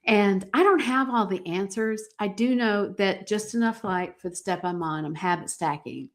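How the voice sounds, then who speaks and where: A woman's voice: mid-range voice, normal speed. A middle-aged woman hosting a live-streamed podcast, giving an earnest, encouraging talk and speaking directly to her viewers. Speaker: podcast host.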